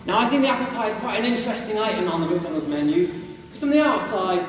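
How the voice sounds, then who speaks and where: A man's voice: high-pitched, animated, fast talker, crowd noise. A young man doing a stand-up routine, telling rambling, jokey stories on a stage mic. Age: young adult. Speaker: stand-up comedian. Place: university comedy gig venue indoors. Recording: echoey hall from far off with audience.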